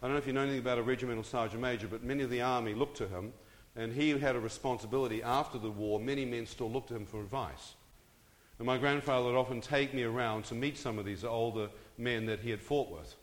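Speaking quickly in a steady, medium-pitched voice, a man shares his testimony as a story to a live crowd. Questions and jokes keep them engaged, while the hall's reverb lingers long.

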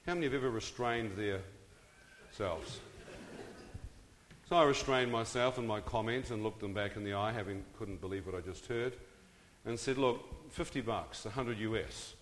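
A man's voice: lowish voice, normal speed, slight background noise. Middle-aged man telling a story in a hall. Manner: addresses the audience with questions and asides. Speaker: speaker telling his story. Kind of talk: dramatic personal storytelling to an audience. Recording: long reverb of a large hall.

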